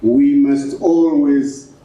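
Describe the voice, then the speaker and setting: A man giving measured, reflective remarks about a book at a launch event. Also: medium pitch, fairly even intonation, dark tone. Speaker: speaker reviewing the book. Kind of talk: prepared public remarks. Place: event hall in Harare. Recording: echoey hall, far from the mic.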